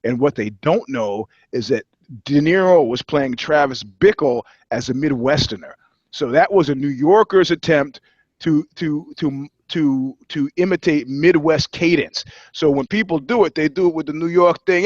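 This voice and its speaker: A man's voice: fairly high pitch, moderate pace, no room sound, muffled recording. A man co-hosting a podcast, talking casually. He rambles and restarts often, and he swears freely. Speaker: podcast co-host. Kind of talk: casual chat.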